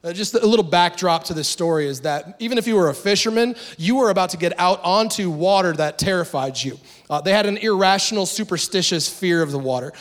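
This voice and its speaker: A middle-aged man preaching a sermon in an animated, conversational way, with dramatic pauses. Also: high-pitched. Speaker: pastor.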